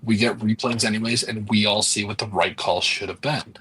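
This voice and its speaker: A man's voice: fairly low pitch, fairly even intonation, fairly quick, pushed and bright, slightly rough, rough recording. A man co-hosting a casual sports podcast, arguing his point bluntly. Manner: argumentative, blunt. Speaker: podcast co-host. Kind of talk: casual chat.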